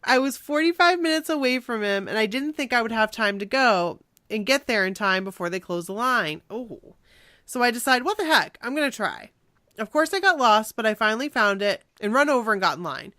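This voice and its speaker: A woman's voice: fairly high pitch, expressive, a little fast, bright, forceful tone, no room sound. Chatty lady podcast host, reads fan stories out, dry close sound. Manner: chatty, candid, laughs easily. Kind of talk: casual chat and reading listener stories.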